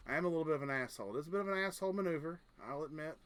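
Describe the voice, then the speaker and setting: Male game streamer, bright slightly high voice, rambling crude jokes at a desk mic. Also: racing, clear, resonant tone. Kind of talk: casual gaming chat.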